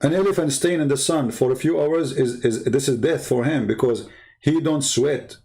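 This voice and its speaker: Speaking at a moderate pace, this male host has a medium-pitched voice that sounds creaky and dark. His commentary is a sarcastic, mocking monologue driven by fiery rhetorical questions.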